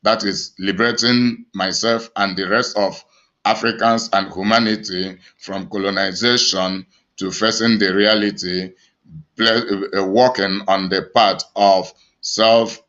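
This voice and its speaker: A man's voice: on the low side, steady tone, measured pace, fairly bright tone, highs cut off. A man with a Nigerian accent, an evangelist preaching emphatically to his online audience, with many restarts and fillers. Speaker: evangelist and channel host.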